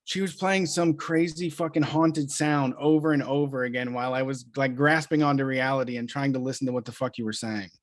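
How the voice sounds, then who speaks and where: A man's voice: mid-range voice, steady tone, fairly quick, hardly any pauses, dry recording, studio quality. A man co-hosting a casual podcast, talking in profane, heated rants and slipping into mock voices. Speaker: co-host.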